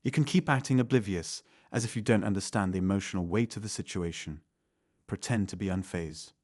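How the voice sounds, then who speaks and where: Male narrator, low register, measured instructive read, dead-dry booth sound. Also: a little mellow, no room sound. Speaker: channel narrator. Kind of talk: scripted self-help narration.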